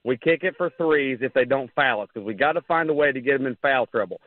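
A man calling into a radio show, out of breath and rambling excitedly about a game. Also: mid-range voice, quick pace, no room sound. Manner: rambling, excited fan talk. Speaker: caller. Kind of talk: casual call-in chat. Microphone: phone. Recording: tinny phone line.

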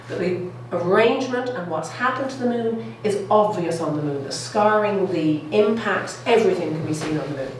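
A lower-voiced woman giving a lively public science talk, keeping the crowd with her through frequent "all right?" check-ins. She is recorded from a distance, with a strong echo in the room. Faint noise hums underneath. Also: normal speed, few pauses. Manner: enthusiastic, keeps checking in with "okay?" and "all right?". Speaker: lecturer. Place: lecture room.

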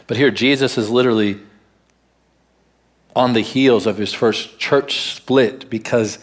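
A man preaching a sermon as pastor at a church service, telling the story and slowing down to stress key words. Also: medium pitch, fairly even intonation.

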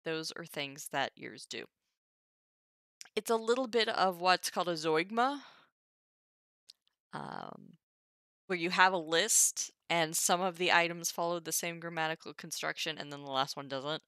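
A woman's voice: fairly low pitch, big pitch swings, a little slow, long pauses, sharp tone, no echo, studio quality. A young woman teaching Ancient Greek on a live stream, thinking aloud with wry asides. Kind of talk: casual live-stream lesson.

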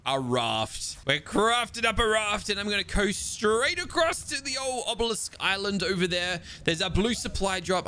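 A young man giving excitable let's-play commentary as he plays a survival game, chatting to his tamed creatures and breaking into exasperated outbursts. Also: high-pitched. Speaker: gaming video host. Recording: game music playing behind.

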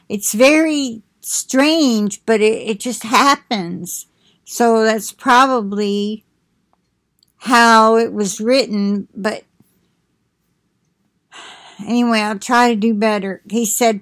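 Woman reading messages very slowly. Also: mid-range voice, fairly bright tone. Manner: very slow, deliberate reading, breaking into quicker explanatory asides. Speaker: reader of prophetic messages. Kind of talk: slow devotional reading with asides.

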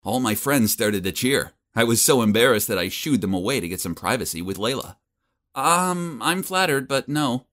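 A man's voice: fairly low pitch, fairly quick, hardly any pauses, fairly bright tone. A young man narrating a story in the first person, wry and self-mocking.

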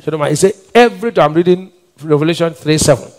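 Emphatic Nigerian pastor preaching. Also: male voice, on the high side, fast talker. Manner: emphatic preaching with decrees, swinging from quiet asides to shouts. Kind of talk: sermon.

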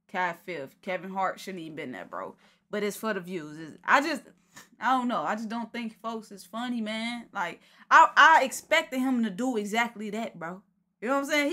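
Blunt slangy man reacting, higher voice. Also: bright, forceful tone. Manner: blunt, slangy, dismissive opinions. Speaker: reaction host. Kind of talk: casual reaction commentary.

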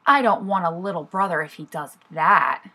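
A woman voicing a stubborn, sulky little boy tiger cub in a children's storybook reading, with a high, whiny child voice. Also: normal speed, bright, forceful tone, slightly rough, exaggerated voice.

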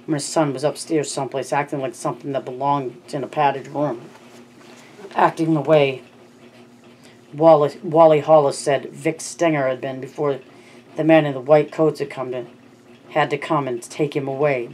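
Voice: mid-range voice, fairly even intonation, moderate pace, a little mellow, slight background noise, poor audio. A narrator reading a novel aloud as an amateur audiobook, with frequent slips and restarts.

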